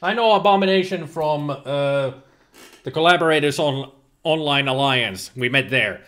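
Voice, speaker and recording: A man's voice: a little high, moderate pace, fairly bright tone. A man from Finland, hosting a livestream and chatting casually as he reads the live chat, laughing often and restarting words. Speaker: livestream host.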